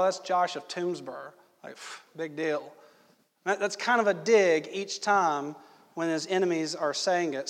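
High-voiced preacher in an echoey hall. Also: male voice, fairly bright tone. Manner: conversational, asks the congregation questions. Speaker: pastor. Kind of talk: sermon. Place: church hall.

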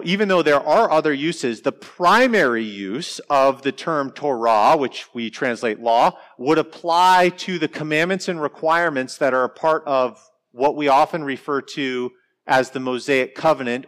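Casual male Bible teacher, conversational lecture delivery with emphatic pitch jumps. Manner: conversational, explanatory, lively pitch swings on emphasis.

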